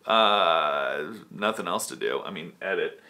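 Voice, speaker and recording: A man casually vlogging at home, sleepy and rambling in a low-key, self-deprecating way. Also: animated, unhurried, bright, forceful tone. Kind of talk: casual vlog chat. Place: at home, indoors. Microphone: camera or phone on a stand.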